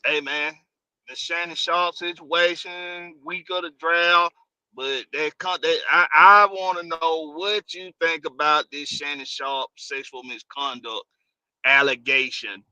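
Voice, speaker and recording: A man's voice: a little high, fairly even intonation, unhurried, bright, forceful tone, smooth, dry recording. A man hosting a casual live stream, rambling loosely and greeting viewers by name.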